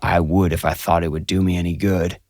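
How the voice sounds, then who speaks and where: Give the room to a cranky old grandfather who barks his demands with a sneer, played by a man. His voice is low and gruff, recorded close and dry. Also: level tone, a little fast, darkish tone, no echo.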